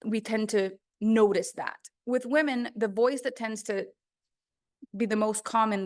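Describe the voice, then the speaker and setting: A woman's voice: fairly high pitch, a little slow. Chatty woman teaching about voice. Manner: chatty, conversational, many "like" fillers. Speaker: voice course teacher. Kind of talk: casual teaching talk.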